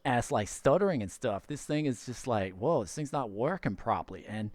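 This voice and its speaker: A man's voice: mid-range voice, normal speed, no room sound, lightly acted. A laid-back American dude rambles through a story, put on by a man. He drawls through "bro" and "dude." The sound is dry and close.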